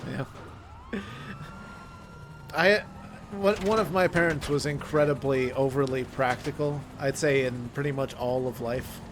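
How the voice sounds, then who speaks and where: A young man streaming a game, chatting casually with deadpan dark jokes and chuckles. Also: mid-range voice, a little slow, long pauses, background noise. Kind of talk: casual chat while gaming.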